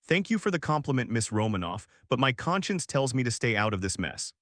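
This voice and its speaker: A man's voice: medium pitch, sing-song, a little fast, a bit bright, dry recording, studio quality. A man reading the lines of a cocky, sarcastic billionaire inventor, in a mocking tone.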